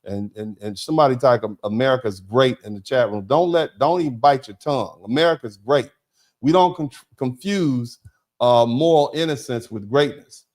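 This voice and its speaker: Male livestream host, middle pitch, folksy and emphatic, rambles and repeats himself while reading out viewer chat. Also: moderate pace, darkish tone. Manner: folksy, calls listeners baby and bro. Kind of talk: livestream chat, thanking donors.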